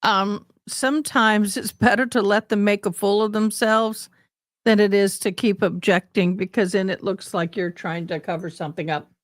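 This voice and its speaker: A woman's voice: mid-range voice, steady tone, normal speed, dry recording, studio quality. A woman from Tennessee with a mild Southern accent, hosting a casual livestream chat with viewers in a rambling, talkative way and now and then slipping into playful put-on accents. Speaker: livestream host.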